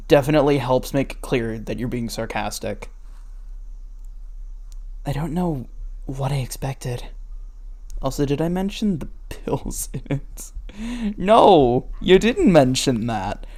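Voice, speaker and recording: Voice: mid-range voice, dark tone. A reader reading fan fiction aloud and stopping often to mock the writing with sarcastic, swearing asides. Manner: sarcastic, swears, laughs at the text. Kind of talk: mocking read-aloud commentary.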